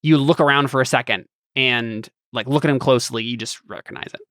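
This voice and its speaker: A man's voice: mid-range voice, brisk, fairly bright tone, dry recording, studio quality. A young man running a tabletop game as game master, hesitant and full of ums and restarts.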